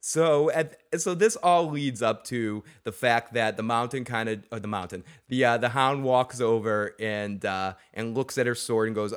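A man co-hosting a casual recap discussion, rambling and acting out scenes in quick quoted voices. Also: medium pitch, clear, resonant tone. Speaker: podcast co-host.

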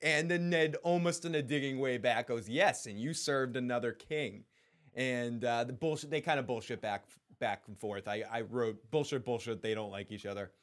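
A man co-hosting a casual TV recap podcast, talking in an animated, profane way and acting out the characters' lines. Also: mid-range voice, normal speed, hardly any pauses. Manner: animated, profane, acts out quotes. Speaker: podcast co-host. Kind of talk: casual chat.

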